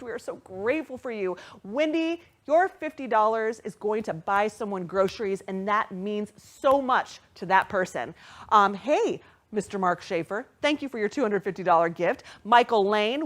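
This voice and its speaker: Woman, fundraiser host, bubbly, excitable, very animated pitch. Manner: bubbly, excitable, thanks donors by name. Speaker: gala host. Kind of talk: live-stream fundraising emcee. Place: virtual gala live stream.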